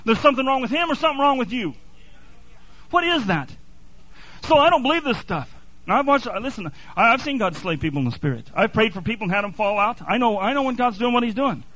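High-voiced male preacher, dry close mic, impassioned sermon delivery. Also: lively intonation, fast talker, a bit bright, no room sound, rough recording. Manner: impassioned, building to fervent repetition.

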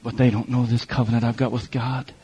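A man's voice: medium pitch, flat delivery, fairly quick, dark tone, breathy edge. A middle-aged man preaching a folksy testimony sermon, telling stories and acting out the other people in them. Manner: folksy storytelling with quoted voices and repetition. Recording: muffled lo-fi recording.

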